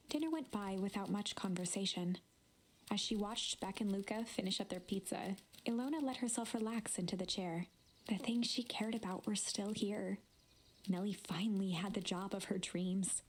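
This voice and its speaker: Brief: woman narrating game text, steady storybook read. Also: mid-range voice, moderate pace, breathy edge. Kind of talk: reading story narration aloud.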